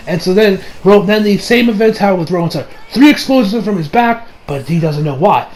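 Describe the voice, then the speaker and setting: A young man casually reviewing an anime episode, excitable and swearing, acting out scenes with sudden shouts. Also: sits high, a little fast, hardly any pauses, a little hiss or hum.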